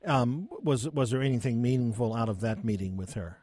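A man hosting an interview, asking measured, conversational questions. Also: mid-range voice, mellow, dry recording. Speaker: interview host.

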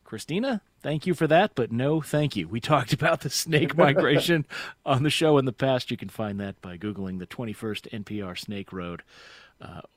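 Man, radio host, mid pitch, dry studio sound, conversational interviewer. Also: lively intonation, dry recording. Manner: reads listener texts aloud, measured and conversational.

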